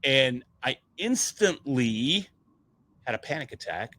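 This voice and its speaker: A man with a bright, forceful voice tells his story with energy, slipping into the voices of the people he quotes. He talks the way a seasoned stage speaker chats with a friend, loose and conversational. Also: mid-range voice, slow. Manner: animated, acts out quoted dialogue. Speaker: public speaker and podcast guest.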